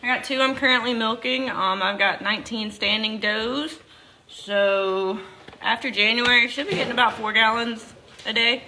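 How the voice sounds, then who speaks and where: This goat farmer is hosting a casual livestream from her barn, calling out to viewers by name while she works, worn out from too little sleep. She has a Southern accent and a fairly high, pushed, bright voice at a normal speed. The audio is poor, with a little hiss or hum.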